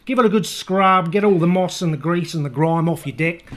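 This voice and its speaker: A man's voice: on the high side, brisk, natural voice. A man putting on a brash matey Australian bloke. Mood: hearty. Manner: loud, chummy, exaggerated slang.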